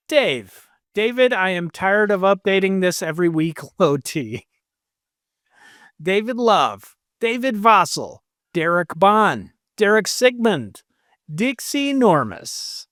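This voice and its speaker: A podcast host in casual comedic chat, reading out supporter names with playful deadpan jokes. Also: medium pitch, takes it slowly, no echo, clean studio sound.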